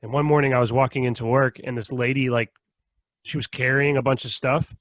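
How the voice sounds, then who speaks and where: A man's voice: medium pitch, brisk, dry recording. A man hosting a casual podcast chat, laughing often as he reads out would-you-rather questions. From Irish family background. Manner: laughs often, relaxed and joking. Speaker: podcast host.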